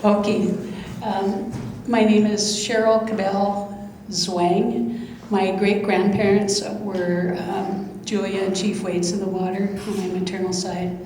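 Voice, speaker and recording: Nervous woman speaking flatly in an echoey hall. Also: mid-range voice, takes it slowly. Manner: nervous and hesitant, with many ums. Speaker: conservancy board member. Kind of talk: short speech at a signing event. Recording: very echoey hall, faint background hum.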